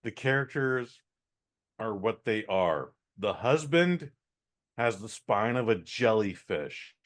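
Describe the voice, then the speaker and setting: A man's voice: lowish voice, lively intonation, slow pace. Profane, rambling male podcast host. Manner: profane, rambling, exasperated storytelling. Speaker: podcast co-host reviewing a movie. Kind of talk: casual comedic movie review.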